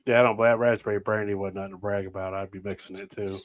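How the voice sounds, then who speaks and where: A man's voice: fairly low pitch, little pitch movement, quick pace, background noise. A man hosting a podcast, chatting casually and telling rambling stories with frequent laughs. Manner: laid-back, rambling storyteller, laughs often. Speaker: podcast host. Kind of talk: casual chat.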